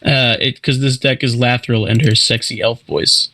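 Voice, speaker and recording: A man playing a casual card game with friends, calmly explaining his moves and teasing the others. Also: medium pitch, normal speed, a little hiss or hum, low-quality recording. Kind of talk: casual chat among friends.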